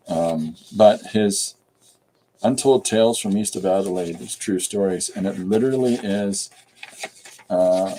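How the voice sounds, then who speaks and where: A man's voice: deep voice, warm tone, a little hiss or hum, low-quality recording. A middle-aged man from Canada, a comic artist chatting casually on a live stream, rambling with many fillers.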